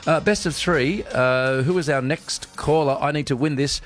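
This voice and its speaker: A man hosting a playful radio segment, animated, jokey and competitive. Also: a little high, normal speed, faint music behind. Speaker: radio host.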